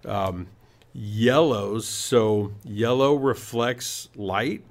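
Man, low voice, very slow pace, casual home improvement host, rambling, lots of fillers. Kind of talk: casual radio-style talk.

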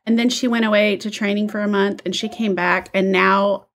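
A woman's voice: medium pitch, steady tone, fairly quick. A woman co-hosting a podcast from a room at home, chatting and reading listener letters aloud. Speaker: podcast co-host.

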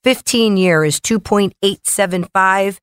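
Female mortgage officer, radio co-host, brisk and chatty, dry close mic. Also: medium pitch, smooth, no room sound. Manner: brisk, chatty, reels off figures. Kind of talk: casual radio talk. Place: radio studio.

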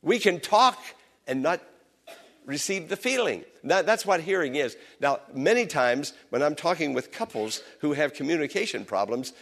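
A man's voice: on the high side, very animated, normal speed, a bit bright. A middle-aged man preaching a sermon as pastor in a church, his voice swelling and dropping with passion. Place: church sanctuary.

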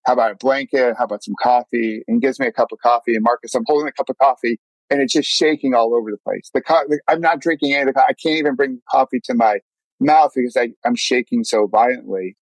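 A podcast guest tells a personal story casually and earnestly, talking fast at medium pitch. He acts out his own thoughts and often restarts words, and the recording is dry and rough.

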